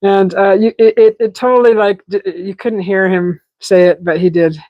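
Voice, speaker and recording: A chatty, giggly woman hosts a casual live chat from a desert yard, frequently restarting what she says. Her medium-pitched voice has fairly even intonation and normal speed. The sound is close and dry, without echo, and rather dull.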